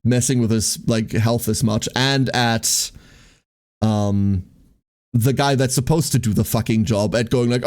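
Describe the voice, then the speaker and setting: A man's voice: fairly low pitch, fairly even intonation, normal speed, darkish tone. Rambling young man streamer, swearing casually. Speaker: livestreamer. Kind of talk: casual venting chat with viewers.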